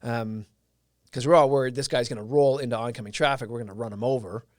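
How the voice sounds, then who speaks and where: A man's voice: mid-range voice, steady tone, fast talker, no echo, clean studio sound. A man hosting a casual livestream, telling a story in a loose, rambling way with lots of fillers and restarts. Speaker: live stream host.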